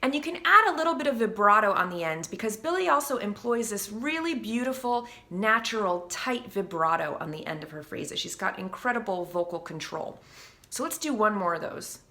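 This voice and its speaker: Woman vocal coach leading a warm-up. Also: medium pitch, lively intonation, brisk. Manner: demonstrating sung vocal exercises between spoken instructions. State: morning voice croak.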